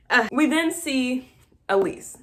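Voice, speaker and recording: A woman casually retelling a film plot with animated, exasperated asides. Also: high voice. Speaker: movie recap vlogger. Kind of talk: casual movie recap.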